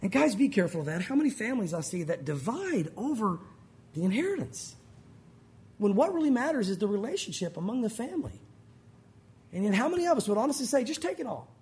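Lively joking male preacher. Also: sits high, quick pace. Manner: animated, joking, folksy asides. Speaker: pastor. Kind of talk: sermon.

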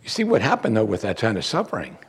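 A man's voice: fairly low pitch, huge pitch swings, quick pace, slightly rough. A male pastor preaching a sermon in a church, emphatic and full of rhetorical questions.

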